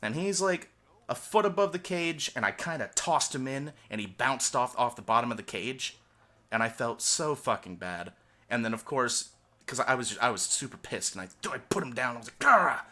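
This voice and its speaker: A young man telling a profane storytime monologue as a vlogger, short of breath and animated, getting loud when worked up. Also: medium pitch, normal speed.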